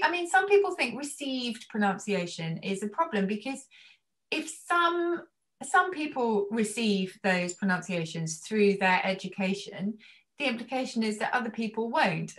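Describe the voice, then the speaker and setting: A woman from England with a received pronunciation accent, a language expert explaining things in an interview in a measured, thoughtful way with frequent ums. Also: fairly high pitch, fairly bright tone. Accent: British received pronunciation.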